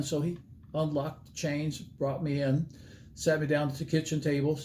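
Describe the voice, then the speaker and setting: An older evangelist tells a story from his ministry days in a folksy, animated way, acting out each exchange. His voice sits a little high yet sounds mellow and warm. A faint hiss runs under the recording. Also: moderate pace. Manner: folksy, animated storyteller who acts out dialogue. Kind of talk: storytelling sermon to camera.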